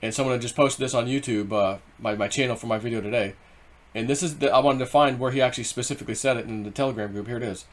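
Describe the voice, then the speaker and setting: Excitable rambling man hosting a crypto channel. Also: medium pitch, fast talker. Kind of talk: casual rambling commentary.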